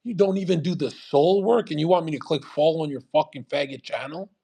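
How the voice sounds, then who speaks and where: A man's voice: on the high side, fairly quick, vocal fry, warm tone, breathy edge. A man ranting in a live audio chat, profane and aggressive, scornful, hammering the same point again and again. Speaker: online streamer.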